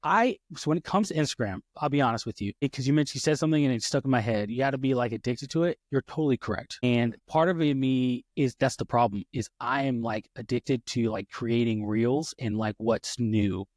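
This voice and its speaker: A man from the United States hosts a relaxed podcast. He rambles and pokes fun at himself, stumbling through restarts and "you know"s. The mic is close and dry, and his pitch sits in the middle. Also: a little fast, few pauses, no room sound. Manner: rambling, self-deprecating, lots of fillers and restarts. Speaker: podcast host. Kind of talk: casual podcast chat.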